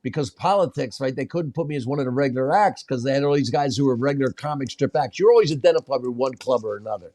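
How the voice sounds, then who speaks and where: A man's voice: medium pitch, fast, few pauses, a little mellow. A comedian guest telling stories about his early career in a rambling way, chuckling as he goes. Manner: rambling, chuckling between lines. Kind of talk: casual comedy storytelling.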